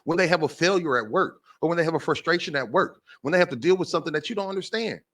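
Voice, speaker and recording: A man's voice: a little high, lively intonation, very fast, fairly bright tone. A man hosting a talk show, delivering an impassioned monologue and repeating phrases for emphasis. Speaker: podcast host.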